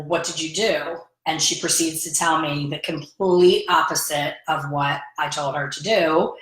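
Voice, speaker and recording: Chatty low-voiced woman in her fifties. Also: reverberant, poor audio. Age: 50s. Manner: chatty, animated storytelling with quoted dialogue. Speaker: hair color educator. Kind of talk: casual vlog chat.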